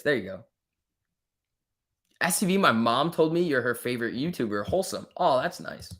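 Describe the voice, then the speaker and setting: A man's voice: mid-range voice, lively intonation, moderate pace, pauses often, a bit bright. A man hosting a casual live stream, reading viewer comments aloud and answering them with a joking, lightly teasing manner. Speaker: livestream host.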